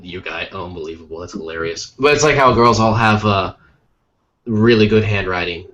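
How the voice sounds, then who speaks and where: A man's voice: lowish voice, moderate pace, a bit bright. A man co-hosting a podcast as an artist, joking and teasing casually while he draws. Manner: joking, teasing, playful voices in quoted bits. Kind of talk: casual chat while drawing.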